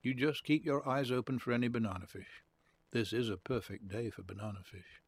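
A man's voice: medium pitch, fairly even intonation, fairly quick, husky, no room sound. A man doing an earnest, odd young man. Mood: teasing. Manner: gentle, teasing, then curt and touchy.

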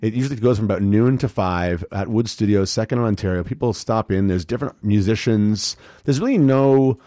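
Young man, radio host, low voice, dry studio sound, easygoing rambling chat. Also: fairly quick, no room sound. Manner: relaxed and rambling, with fillers and restarts.

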